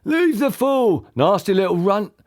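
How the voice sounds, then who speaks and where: A man voicing a gruff, menacing crook in a storybook reading, snarling his words slowly. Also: high voice, big pitch swings, no echo, studio quality, voice pushed up.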